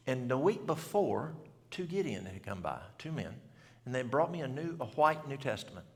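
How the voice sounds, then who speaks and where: Telling a story to church listeners, a middle-aged man who gives health seminars uses folksy, down-to-earth country phrasing. His gravelly voice is medium-pitched and sing-song at a moderate pace, heard in an echoing church hall.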